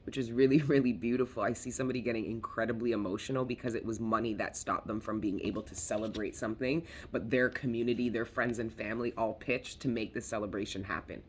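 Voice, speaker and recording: A man's voice: medium pitch, fairly even intonation, fast talker, few pauses, slight background noise. A man giving a casual tarot reading, talking in a rambling, emphatic way, swearing freely and repeating himself. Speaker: tarot reader.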